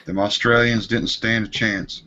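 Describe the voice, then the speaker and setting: A man voicing a grizzled male emu who is a war veteran, telling war stories in a deadpan, mock-solemn way over a noisy online call. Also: fairly low pitch, a little slow, lo-fi sound, pitched below the performer's own voice.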